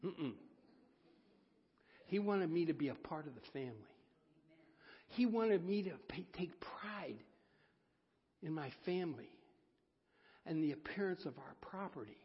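A man preaching a folksy, self-deprecating sermon, with halting restarts. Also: a little high, animated, slightly rough. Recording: dull sound, long hall reverb.

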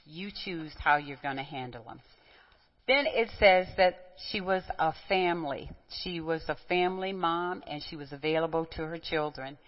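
A woman's voice: low-pitched, moderate pace. Woman teaching in a reverberant hall. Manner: conversational, asks rhetorical questions, tells personal stories. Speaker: women's Bible teacher. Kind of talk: teaching talk to a group. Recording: dull, reverberant hall recording.

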